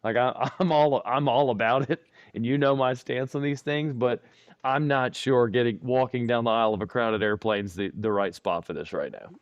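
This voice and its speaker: A man's voice: medium pitch, normal speed, no room sound, highs cut off. A man, a podcast co-host, chatting casually and rambling through a travel anecdote with chuckles. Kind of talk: casual chat.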